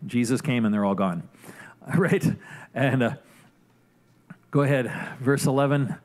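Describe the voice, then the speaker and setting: A man preaching a sermon in a loose, conversational manner. His voice sits at a middle pitch, and he keeps checking in with his listeners as he goes. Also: moderate pace, darkish tone. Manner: conversational, frequent "right?" asides and restarts. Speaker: pastor.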